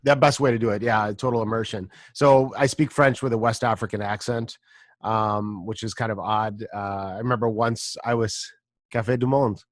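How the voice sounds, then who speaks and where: An American man hosting a casual interview podcast, talking in a relaxed, rambling way with frequent ums and throat clearing. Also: fairly low pitch, moderate pace, dry recording, studio quality. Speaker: podcast host.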